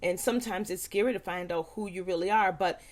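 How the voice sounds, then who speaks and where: A woman parent educator speaking earnestly to parents, stressing points by repeating them and acting out quick quoted lines. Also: lowish voice. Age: young adult. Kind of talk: talking to parents.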